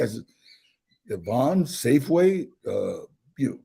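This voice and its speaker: An older man telling his own life stories in a casual interview, animated, with many restarts and acted-out quotes. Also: high-pitched, moderate pace, gravelly, breathy edge. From United States.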